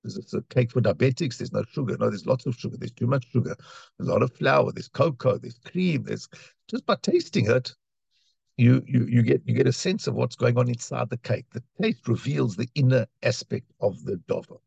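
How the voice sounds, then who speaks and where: A man's voice: medium pitch, lively intonation, brisk, gravelly, darkish tone, husky, no room sound, dull audio. A man teaching a Torah class, reading Hebrew phrases and explaining them in English, often repeating words as he searches for the next one. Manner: reads Hebrew lines then translates, with repetitions and restarts.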